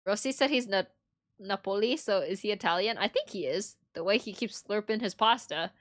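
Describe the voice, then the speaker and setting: A woman streaming a game live, chatting in an excitable, joking way and greeting her viewers. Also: medium pitch, a little fast, no room sound. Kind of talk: casual live-stream chat while reading a game.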